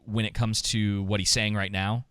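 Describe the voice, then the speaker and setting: A man's voice: fairly low pitch, little pitch movement, moderate pace, fairly bright tone, clear, resonant tone, no echo, clean studio sound. A man co-hosting a podcast, thinking aloud in a casual reaction chat. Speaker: podcast co-host.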